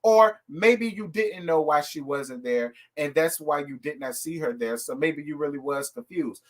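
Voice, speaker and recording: A man hosting a casual live review from home, talking in a sassy, animated, gossipy way and calling his viewers y'all and girl. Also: a little high, normal speed. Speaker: host of a reality TV live review show.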